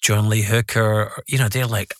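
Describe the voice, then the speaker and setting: A man's voice: on the low side, steady tone, normal speed, a bit bright, dry recording, clean studio sound. A man, a guest musician, telling loose rambling stories in a casual interview, full of fillers. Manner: rambling storytelling with many fillers.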